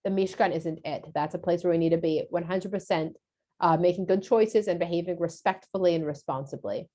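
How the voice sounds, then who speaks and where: A woman voicing God giving instructions in a retold story, calm and reasoned like a teacher. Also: lowish voice, a little fast, pitched below the performer's own voice, natural voice. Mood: instructive.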